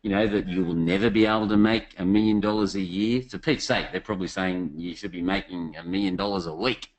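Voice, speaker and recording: A man's voice: sits low, a little fast, rough recording. A man presents a business webinar in a chatty, storytelling way. He speaks directly to his listeners as he goes.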